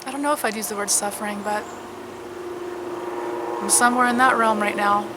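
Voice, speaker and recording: A middle-aged woman who is unwell and worn out, talking candidly in a personal vlog, halting, sometimes soft and sometimes loud. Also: mid-range voice, steady tone, very noisy. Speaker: vlogger.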